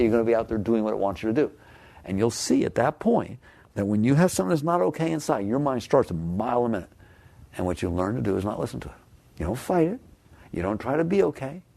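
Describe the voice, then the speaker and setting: An older man giving an animated spiritual talk, emphatic and acting out the voice of the mind. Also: mid-range voice, gravelly, husky, no room sound. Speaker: spiritual teacher.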